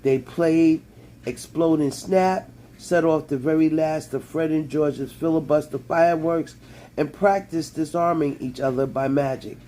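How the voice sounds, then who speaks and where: A man reading a children's fantasy novel aloud in a measured storytelling manner. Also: fairly high pitch, dark tone, slight background noise, poor audio. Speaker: audiobook reader.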